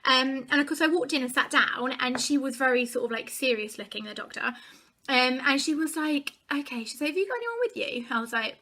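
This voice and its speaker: Young woman vlogging, bright high voice, chatty, acts out what people said. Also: a little fast. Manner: chatty, animated retelling with quoted dialogue. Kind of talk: casual storytelling to camera.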